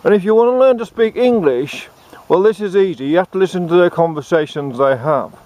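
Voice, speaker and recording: A man with an Australian accent delivering a satirical monologue, giving deadpan, sarcastic mock advice outdoors. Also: high-pitched, brisk.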